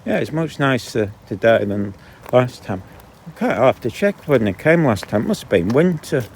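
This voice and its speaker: A man's voice: medium pitch, very animated, moderate pace, a little hiss or hum. A man chatting and grumbling as he walks dogs along a canal path outdoors, often breaking off mid-sentence. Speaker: vlogger. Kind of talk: casual walking vlog monologue.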